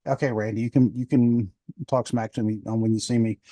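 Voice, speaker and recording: A man's voice: fairly low pitch, flat delivery, a little fast, warm tone, no echo. A man of fifty hosting a podcast, talking loosely in a rambling, chatty way, with many ums and restarts. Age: 50s. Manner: rambling, chatty, self-correcting with many fillers. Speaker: podcast host. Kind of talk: casual solo podcast review.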